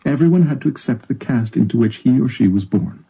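A man narrating a story in a measured, even storytelling delivery. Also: medium pitch, slightly rough, poor audio. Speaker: audiobook narrator.

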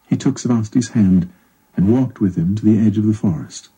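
A man narrating a story in a measured, even storytelling delivery. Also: lowish voice, husky, dull audio. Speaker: audiobook narrator.

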